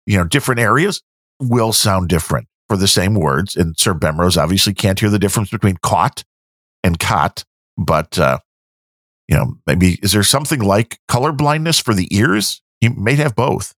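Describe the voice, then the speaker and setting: A man's voice: fairly low pitch, animated, moderate pace, a bit bright, breathy edge, no room sound, studio quality. A man hosting a podcast, rambling and joking in casual chat. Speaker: podcast host.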